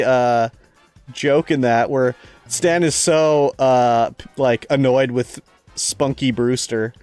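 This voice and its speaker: A man's voice: medium pitch, slow, darkish tone, clear, resonant tone, dry recording, soft background music. A man streaming a game in casual chat, rambling through stories, laughing often and reading game lines aloud.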